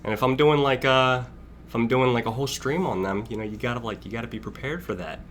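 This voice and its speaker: A man's voice: medium pitch, quick pace, a bit bright, slight background noise. A young man hosting a casual live stream, rambling and chatty as he greets viewers by name and laughs along. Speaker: livestream host.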